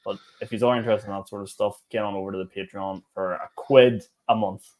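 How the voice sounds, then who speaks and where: A man's voice: fairly low pitch, fairly even intonation, quick pace, darkish tone. A man co-hosting a comedy podcast, laid-back and jokey, with sweary asides. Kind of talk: casual podcast chat and plugs.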